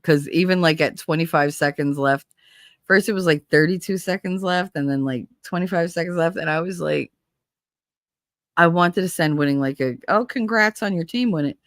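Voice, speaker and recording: A woman's voice: sits low, fairly even intonation, moderate pace, dry recording, studio quality. A woman hosting a casual livestream, chatting and joking while reading viewer comments, her voice nasal from a stuffy nose. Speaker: host.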